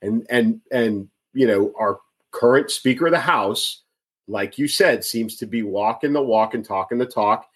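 A man's voice: medium pitch, normal speed, husky. A man from outside Chicago with a Chicago accent, talking politics in a casual chat, emphatic and often repeating his words. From outside Chicago, USA.

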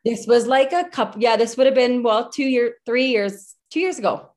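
A woman's voice: a little high, normal speed, a little mellow. A woman in her thirties, a podcast guest, telling a story in a casual, chatty way over a video call, with lots of filler words. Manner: chatty, with many "like" fillers and breathless retelling.

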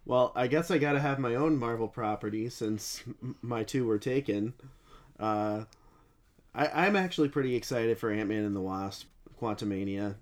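A man's voice: medium pitch, moderate pace. A man with a mid-range voice talks casually as a co-host on a movie podcast. He hesitates often and repeats words as he gathers his thoughts. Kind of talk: casual chat.

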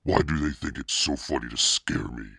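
A man's voice: extremely low pitch, normal speed, gravelly, sharp tone, slightly rough, dry recording, clean studio sound, full character voice. A man reading aloud and voicing an upset, easily scared schoolgirl in a raised, distressed voice.

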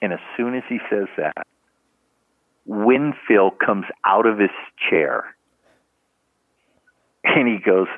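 A man's voice: on the low side, lively intonation, slow, pauses often, no room sound. An older man, a retired sports trainer and guest on an interview show, tells rambling anecdotes full of "you know" and restarts. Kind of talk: casual storytelling in a podcast interview. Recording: tinny phone-like line, dry.

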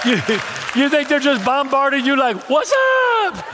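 A male pastor with a high, bright-toned voice delivers an animated, joking sermon, often doubling back on his words as he goes. His voice carries a long reverb, as if ringing through a big church hall. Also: takes it slowly, crowd noise, noisy background. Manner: animated, humorous storytelling with repetitions and stammered restarts.

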